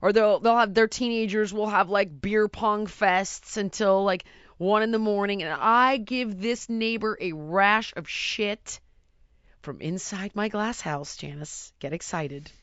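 A middle-aged woman telling a story in casual chat, animated and exasperated, acting out sounds and voices. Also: medium pitch, measured pace, clean tone, dry recording, lo-fi sound.

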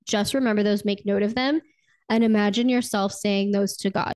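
A woman hosting a faith podcast, talking earnestly and conversationally, often asking "right?" and slowing down to stretch her words for emphasis. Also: mid-range voice, fairly even intonation, darkish tone. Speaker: podcast host. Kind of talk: faith podcast talk with guided prayer.

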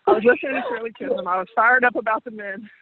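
A woman in her forties telling stories with animated, colloquial energy, laughing often, on a call. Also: fairly high pitch, rapid-fire, background noise. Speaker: co-host. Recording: muffled phone line.

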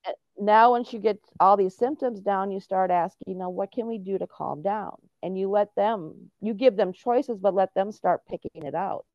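A woman's voice: mid-range voice, moderate pace, no room sound. Earnest woman with a dull, dry sound. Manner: earnest, explanatory, many restarts. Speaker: guest, autism and veterans advocate. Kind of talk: casual interview talk.

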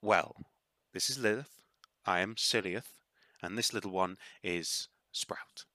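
Guy doing a soft polite willow dryad lady, fussy and a bit snooty, dry close sound. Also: deep voice, slow, dry recording, full character voice. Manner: soft, apologetic, slightly condescending. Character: gentle motherly willow dryad woman, polite.

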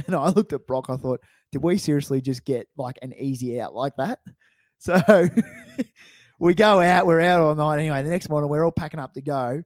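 On the high side and at a moderate pace, a young Australian podcast co-host laughs his way through a story, acting out what people said. The casual chat sounds studio-quality, with no echo.

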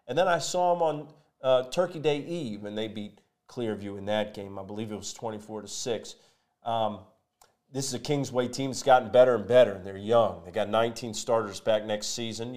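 Energetic man hosting a sports talk show. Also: fairly low pitch. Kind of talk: sports talk and sponsor reads.

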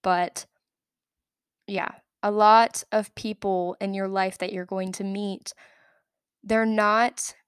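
A woman's voice: medium pitch, level tone, slow pace, long pauses, clear, resonant tone, no room sound, studio quality. A young adult woman hosting a solo podcast, telling a story in a chatty, opinionated way full of filler words. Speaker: podcast host. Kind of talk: casual solo podcast chat.

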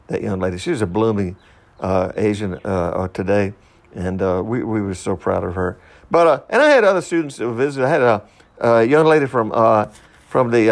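A middle-aged man hosting a solo podcast, rambling with many fillers and restarts, swinging between loud high bursts and quiet low asides. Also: creaky. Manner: rambling, with frequent fillers and self-interruptions. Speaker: podcast host.

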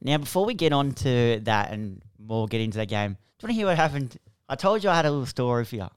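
A man's voice: medium pitch, big pitch swings, fast talker, clean tone, dry recording, clean studio sound. A young Australian man co-hosting a podcast, telling a rambling story in casual chat, swearing freely and laughing as he goes. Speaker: podcast co-host.

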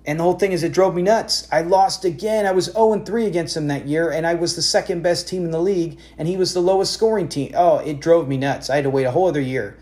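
A man in his forties hosting a casual fantasy football talk show, telling stories in an animated way with lots of self-corrections. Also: on the high side, quick pace, hardly any pauses. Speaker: podcast host.

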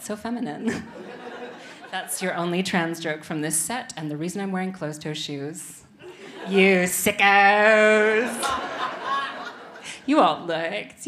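A young woman in the middle of a stand-up set, her voice sitting a little low. She talks in self-mocking, deadpan asides to the crowd. Clear audience noise and laughter from the venue fill the space behind her. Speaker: stand-up comedian. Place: comedy venue with a live audience.

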